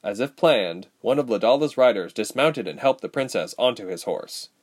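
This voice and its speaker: A man narrating a fantasy story aloud, with steady, expressive storytelling. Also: mid-range voice, moderate pace. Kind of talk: storybook reading.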